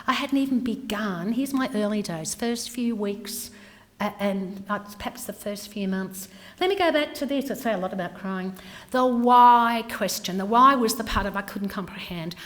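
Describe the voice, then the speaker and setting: A woman's voice: medium pitch, normal speed, fairly bright tone. A middle-aged woman giving a candid personal talk, her voice falling to whispers for emphasis. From Australia. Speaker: speaker. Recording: hall with long reverb.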